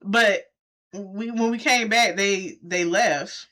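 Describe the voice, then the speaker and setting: A woman, casually telling her viewers a story from her own life, talking straight to them and jumping up in pitch when she quotes people. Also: slow, a little hiss or hum. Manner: animated, talks straight to viewers, jumps high when quoting. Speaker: vlogger.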